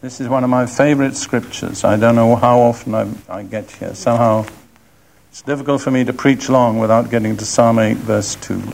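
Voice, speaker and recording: An older man preaching a sermon, reading scripture in a slow, deliberate and emphatic way. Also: medium pitch, fairly even intonation, vocal fry, darkish tone, slight background noise.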